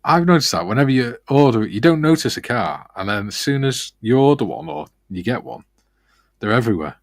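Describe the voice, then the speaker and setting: A man's voice: mid-range voice, very animated, fairly quick, no room sound. A man co-hosting a model-building stream, chatting casually and reading out viewer comments, laughing easily.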